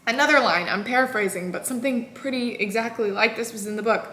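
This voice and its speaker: A woman in her twenties casually recapping a novel in an animated, exasperated way, full of "like". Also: a little high, fast talker, a little hiss or hum. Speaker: book vlogger. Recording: echoey room.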